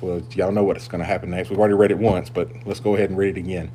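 A male pastor delivers a sermon to his congregation. His preaching is emphatic, swinging from loud, driving declarations down to hushed, confiding asides. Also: sits low, level tone, racing, a little hiss or hum.

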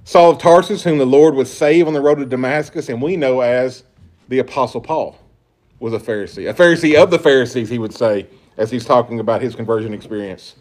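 A pastor preaches in a medium-pitched, darkish voice, talking fairly quickly. His sermon is emphatic and full of rhetorical questions, and his volume rises and drops as he stresses his points.

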